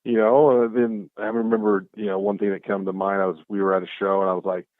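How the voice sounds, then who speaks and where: A man guest chatting casually, telling stories in an excitable way and acting out the back-and-forth. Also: lowish voice, quick pace, no echo. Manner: excitable, acts out quoted exchanges. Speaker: guest, clothing brand founder. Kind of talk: casual storytelling chat. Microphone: call audio. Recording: tinny phone-like call line.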